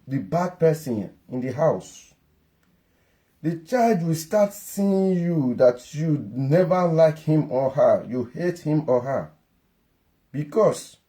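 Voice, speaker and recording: A man's voice: on the high side, warm tone. A man giving an earnest, lecturing parenting-advice monologue that often repeats its points.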